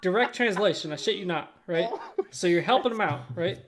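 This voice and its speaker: A man's voice: sits high, expressive, a little fast, fairly bright tone, a little hiss or hum. A man co-hosting a podcast in casual chat, talking in a profane, rambling and argumentative way. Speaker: podcast co-host.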